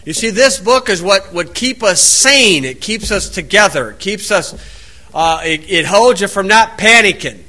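Bright-voiced folksy man preaching. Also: sits high, animated. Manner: reads scripture slowly, then drifts into plain-spoken anecdotes. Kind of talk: folksy sermon.

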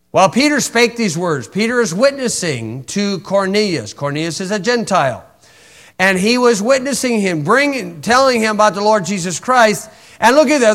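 A man's voice: high voice, fairly bright tone. A man preaching a sermon in a folksy, wry way, reciting old-style scripture and poking fun at opponents.

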